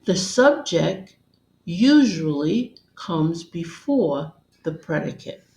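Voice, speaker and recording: A woman narrating a scripted grammar lesson as a teacher, in a measured, deliberate, instructional way. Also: on the low side, sing-song, a little mellow. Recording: roomy echo.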